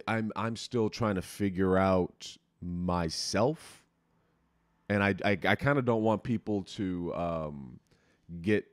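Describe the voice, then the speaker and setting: Young man with a low, deep voice talks in a loose, rambling, unfiltered way as a podcast host. He speaks close to the mic, and the sound is dry with no room echo. His chat is casual and swears freely. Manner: candid, rambling, profane.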